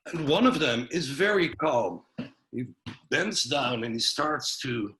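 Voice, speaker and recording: A man's voice: fairly high pitch, big pitch swings, unhurried, pushed and bright, poor audio. A man giving an informal health presentation on a video call, loose and chatty with lots of fillers and restarts. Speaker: webinar presenter.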